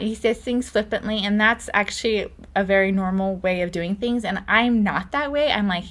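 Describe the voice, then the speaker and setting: A woman's voice: medium pitch, normal speed, hardly any pauses, a bit bright. Chatty middle-aged woman telling stories. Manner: chatty storytelling with frequent laughter. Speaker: podcast host. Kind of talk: casual podcast monologue.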